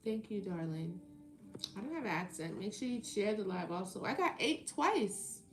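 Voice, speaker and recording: Chatty woman with a gravelly voice. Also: mid-range voice, expressive, normal speed. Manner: playful, chatty, reads comments aloud and banters. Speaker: tarot reader hosting a live stream. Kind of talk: casual live-stream chat with viewers. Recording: echoey room with faint music behind. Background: faint background music.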